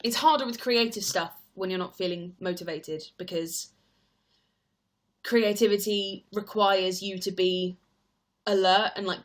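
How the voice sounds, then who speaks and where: Chatty young woman. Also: medium pitch. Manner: chatty and rambling, heavy use of "like". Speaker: stage actor and livestreamer. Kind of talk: casual livestream chat answering viewer comments.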